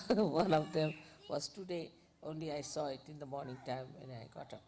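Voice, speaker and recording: A woman spiritual teacher, giving an informal, unhurried talk with gentle asides. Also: low-pitched, a crowd in the background.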